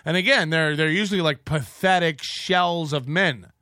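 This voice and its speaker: A man's voice: on the high side, normal speed, bright, forceful tone, dry recording, clean studio sound. A middle-aged man hosting an online show, ranting in sarcastic, profane commentary and muttering while he scrolls through posts.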